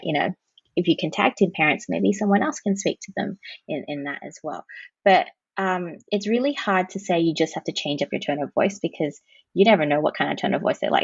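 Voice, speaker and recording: Woman counsellor, low husky voice, practical explainer, dull lo-fi podcast sound. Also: dry recording. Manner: practical, explanatory, gives example phrases. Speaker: parent-child counsellor, guest. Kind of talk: podcast interview answers.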